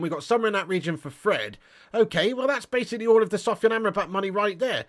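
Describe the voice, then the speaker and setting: A man with a fairly high voice hosts a football fan livestream in loose, casual chat. He rants, swears freely and banters with viewers as he reads out their comments. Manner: ranting, swearing, animated banter. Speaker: football fan channel host.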